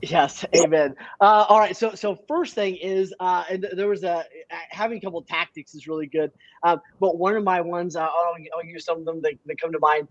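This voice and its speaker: A man's voice: sits high, brisk, hardly any pauses, no echo, lo-fi sound. A man from Canada, a business coach, talking energetically in an interview and often tagging his points with "right?". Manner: energetic, many restarts and rhetorical "right?". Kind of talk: casual interview talk.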